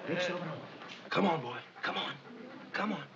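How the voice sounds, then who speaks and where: A flustered sitcom husband. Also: male voice, on the high side, animated, a little fast, a bit bright, a little hiss or hum. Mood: coaxing. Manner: coaxing, comic pleading with a dog. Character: flustered good-natured young husband. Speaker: comedy writer husband in a sitcom. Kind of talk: 1960s sitcom acting. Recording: dull 1960s TV soundtrack with roomy echo and laugh track. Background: studio audience laughter.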